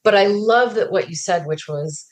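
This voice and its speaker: A woman's voice: mid-range voice, normal speed. A woman in a podcast conversation, talking reflectively and often checking in with a "right?" as she thinks aloud.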